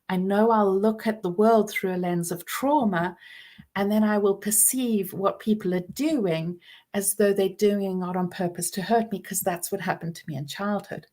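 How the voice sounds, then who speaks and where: A woman in her forties giving a personal talk about trauma, earnest and reflective, with soft pauses and gentle emphasis. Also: mid-range voice. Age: 40s. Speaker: speaker on trauma and healing.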